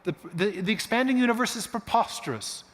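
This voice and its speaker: A prim older British astronomer, stiff and disdainful in his clipped speech, as a man puts him on. His voice sits fairly high for a man. It rings out into the long echo of a large hall. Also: animated, fairly quick, fairly bright tone. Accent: British, put on. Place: church hall.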